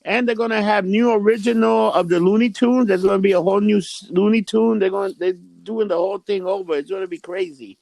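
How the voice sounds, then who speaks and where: Male co-host, high and gravelly voice, loose profane chat, dry close sound. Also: fairly even intonation, brisk, hardly any pauses, darkish tone, no echo. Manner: casual, profane, asks questions, many fillers. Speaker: podcast co-host. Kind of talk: casual podcast chat.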